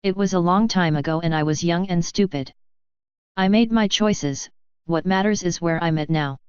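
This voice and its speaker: A woman's voice: fairly low pitch, normal speed, darkish tone, clear, resonant tone, dry recording, lightly acted. A woman voicing a young male pony, an orphan thief who brushes off sympathy, in a guarded, matter-of-fact way; dull lo-fi recording. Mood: dismissive.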